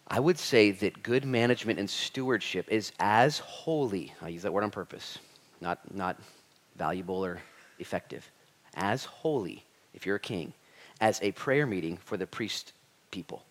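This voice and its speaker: A man in his thirties, a pastor preaching a Bible study sermon with lively acted-out quotes and humor. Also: on the low side, normal speed.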